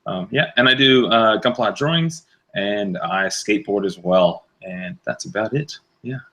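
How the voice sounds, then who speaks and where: A man's voice: fairly low pitch, a little slow, sharp tone. A man with a mixed Australian and American accent, chatting easily as a co-host on a live hobby show. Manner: easygoing, teasing. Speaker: guest co-host. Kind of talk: casual livestream chat.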